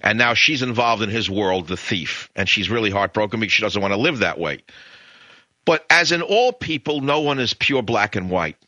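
A middle-aged American talk radio host with a low, very sharp and bright voice. He rambles through a story with emphatic, opinionated asides. The sound is dry and slightly dull. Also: lively intonation, normal speed, dry recording. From United States.

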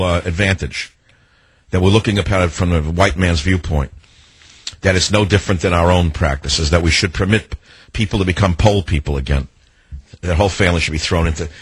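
A man's voice: sits low, husky, dry recording. An older man hosting a talk show, rambling in a sardonic, free-associating monologue. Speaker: radio talk host. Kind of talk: opinionated talk radio monologue.

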